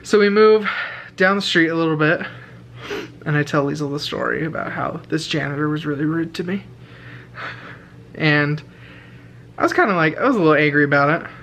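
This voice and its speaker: A man's voice: on the high side, normal speed, creaky, pauses often, a bit bright, slight background noise. A young man vlogging from bed at night, telling a story in a chatty, laughing way and quoting people in raised voices, into a handheld camera. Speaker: vlogger, teacher. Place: bedroom at night. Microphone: handheld camera held overhead.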